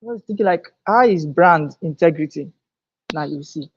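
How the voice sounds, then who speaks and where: A woman speaking at a business seminar. She talks emphatically, repeats her words as she restarts phrases, and climbs higher and louder on her key points. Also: lively intonation, normal speed, breathy edge. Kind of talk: motivational business seminar talk. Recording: dull lo-fi sound.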